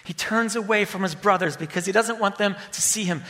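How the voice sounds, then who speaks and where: A man preaching a sermon, swinging from loud emphasis to hushed near-whispers. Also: sits high, normal speed, few pauses. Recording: long hall reverb.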